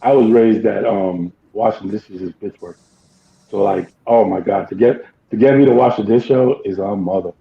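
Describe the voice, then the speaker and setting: A man's voice: on the low side, normal speed, gravelly, roomy sound, highs cut off, a little hiss or hum. A man on a relationship podcast, talking in a blunt, emphatic way and swearing freely. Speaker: podcast co-host. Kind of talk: casual chat.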